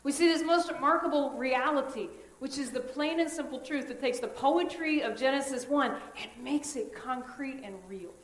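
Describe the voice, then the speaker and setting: High-voiced woman preaching in an echoey sanctuary. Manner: earnest, conversational preaching with dramatic pauses. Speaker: pastor. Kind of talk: sermon. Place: church sanctuary.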